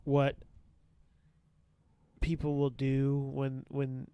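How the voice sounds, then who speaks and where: Smooth-voiced man telling war stories. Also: medium pitch, drawn-out words, no echo, muffled recording. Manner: profane, laughing, animated retelling. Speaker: podcast guest. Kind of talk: casual storytelling.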